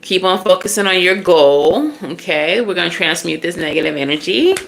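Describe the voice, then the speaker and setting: A woman's voice: lowish voice, moderate pace, vocal fry. A woman voicing protective ancestor spirits who speak in a coaxing, reassuring way to someone they love. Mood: soothing.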